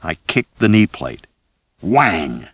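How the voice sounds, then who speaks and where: Deep voiced guy reading a thriller audiobook, slow and dramatic, lots of swing in his voice. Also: big pitch swings, fairly bright tone, husky, no echo, clean studio sound. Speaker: audiobook narrator. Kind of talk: first-person thriller audiobook narration.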